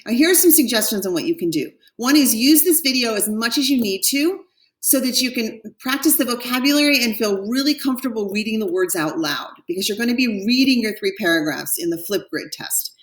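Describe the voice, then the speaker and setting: A woman French teacher giving a recorded class lesson, slowly modelling pronunciations for her students. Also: fairly high pitch, lively intonation, distant mic. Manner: slow, careful model pronunciations. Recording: echoey room, voice a bit off-mic.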